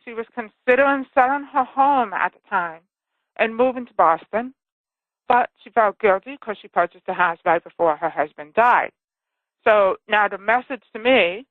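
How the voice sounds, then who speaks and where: A woman author tells her story over the phone in an earnest, involved way. Her pitch sits in the middle, and the line is tinny and dry. She keeps checking in with the listener as she goes. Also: no room sound. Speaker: author and guest. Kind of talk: phone interview, personal story. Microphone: telephone.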